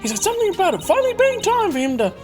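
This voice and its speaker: Chirpy, bubbly young woman, very high and lively, voiced by a woman. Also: rapid-fire, soft background music. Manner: chirpy, teasing.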